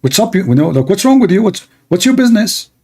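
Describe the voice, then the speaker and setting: A man's voice: a little high, expressive, unhurried, vocal fry, breathy edge, full character voice. A man imitating a short, touchy Saudi man with a Saudi Arabic accent, indignantly snapping back at a stranger.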